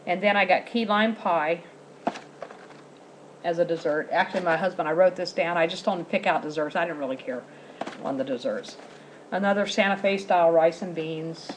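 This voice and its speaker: A woman's voice: lowish voice, normal speed, noisy background. A woman, chatting casually to camera as she shows off her groceries at home. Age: 40s. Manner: chatty, rambling, giggly. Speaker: vlogger showing a grocery haul.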